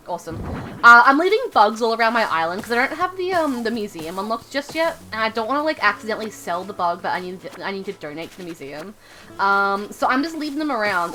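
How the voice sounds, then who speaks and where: A woman's voice: mid-range voice, sharp tone. A woman streaming a game, chatting casually and rambling with many fillers and jokes.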